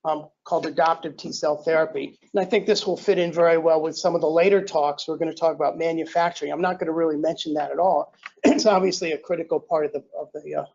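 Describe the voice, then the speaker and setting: An older man giving an invited academic lecture in a relaxed, self-deprecating way, often clearing his throat and restarting sentences. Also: on the high side, fast talker. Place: lecture hall. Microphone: handheld or podium mic. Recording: dull lo-fi lecture recording.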